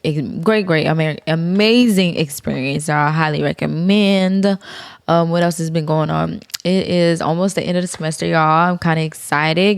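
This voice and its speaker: Low gravelly young woman podcaster. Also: no echo, clean studio sound. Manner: slangy, profane, chatty, addresses listeners as y'all. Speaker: podcast host. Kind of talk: casual solo podcast chat.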